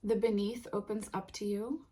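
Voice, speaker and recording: A woman hosting a tarot unboxing, reading card titles aloud in a gentle, admiring way with soft exclamations. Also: mid-range voice, little pitch movement, moderate pace, a little hiss or hum. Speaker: tarot reader and channel host.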